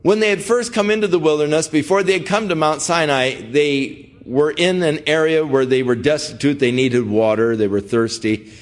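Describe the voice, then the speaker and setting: A man's voice: a little high, normal speed, hardly any pauses. An older man, a pastor, teaching through a Bible passage in an earnest, conversational way and putting direct questions to his listeners.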